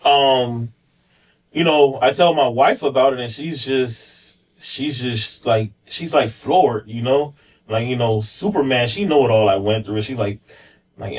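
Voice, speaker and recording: A man's voice: mid-range voice, measured pace, recorded from a distance, rough recording. Candid man telling his story off-mic. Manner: candid, rambling, frequent fillers and repeats. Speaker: podcast guest, police officer. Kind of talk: casual personal storytelling.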